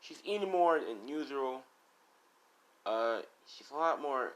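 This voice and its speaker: A man's voice: mid-range voice, expressive, takes it slowly, fairly bright tone. A man casually telling a fan story, rambling and full of fillers as he retells who said what.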